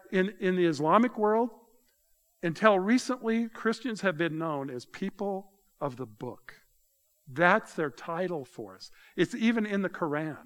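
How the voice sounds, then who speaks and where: Conversational male pastor, slightly high voice. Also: a bit bright. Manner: conversational, addresses congregation directly. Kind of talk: sermon.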